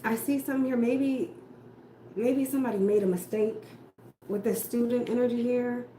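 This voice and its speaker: A woman reads tarot casually in a mellow voice on the high side, her tone steady and her pace normal. Blunt and foul-mouthed, she rants about the cards with rhetorical questions. Faint noise and echo surround her.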